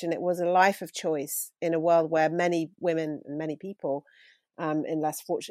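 A woman with a slightly low voice chats about books in a thoughtful way, poking fun at herself and laughing easily. The sound is dry and close. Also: darkish tone, no echo. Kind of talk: casual book chat.

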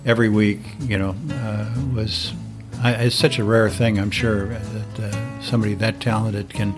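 A man answering an interview question in an easygoing, slightly halting way. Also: fairly low pitch, flat delivery, music in the background. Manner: easygoing, a little halting with fillers. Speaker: guest performer.

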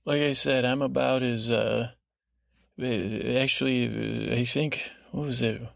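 Drowsy rambling man with a gravelly voice. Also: mid-range voice, steady tone, dry recording, studio quality. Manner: rambling, drowsy, lulling, with halting restarts. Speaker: podcast host. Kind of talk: meandering bedtime monologue.

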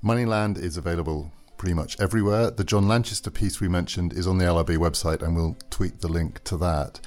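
A man's voice: sits low, fairly quick, darkish tone, faint music behind. A man hosting a political discussion podcast, speaking in a reflective, conversational way. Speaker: podcast host.

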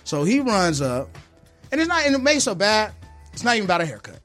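Barber, casual storyteller; quick, high, profane, does the voices. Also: male voice, faint music behind. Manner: animated, acts out voices in his story; slangy, profane street talk.

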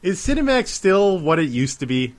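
A man bantering on a podcast, teasing his co-hosts with a playful edge. His pitch moves around a lot as he talks. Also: big pitch swings, normal speed. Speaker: podcast co-host. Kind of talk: casual chat.

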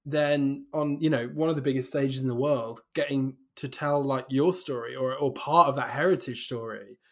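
Interview host, casual, encouraging, quick to laugh. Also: mid-range voice, a bit bright. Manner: laughs often, encouraging follow-up questions.

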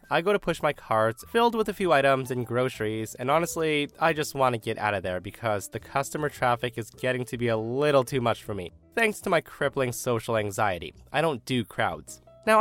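A man narrating online stories aloud in an expressive storytelling manner. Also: medium pitch.

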